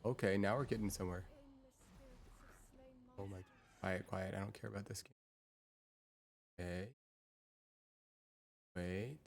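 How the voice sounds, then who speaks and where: A woman's voice: a bass voice, steady tone, unhurried, creaky, pauses often, a little mellow. A woman streamer chatting casually with her viewers through a real-time AI voice changer, muttering to herself while she sets up her screens. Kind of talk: casual live-stream chat.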